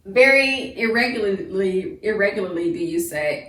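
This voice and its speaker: A woman's voice: mid-range voice, animated, a little fast, few pauses, a bit bright, slight background noise. Woman homeschool teacher; casual talky delivery full of fillers, recorded from a distance in a reverberant room. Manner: chatty, repeats and restarts, many fillers. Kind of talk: recorded classroom lesson. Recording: roomy echo, voice from a distance.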